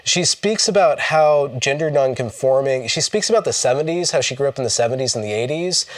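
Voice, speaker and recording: A man's voice: medium pitch, animated, fairly quick, no echo, far from the mic. A man hosting a livestream, talking conversationally with restarts and stammers. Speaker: livestream host. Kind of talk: casual livestream discussion.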